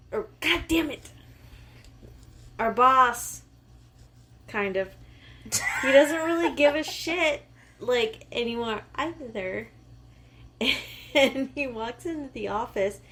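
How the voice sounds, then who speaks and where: Slow-talking woman in casual chat. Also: medium pitch. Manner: unhurried, trailing, with fillers. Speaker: podcast co-host.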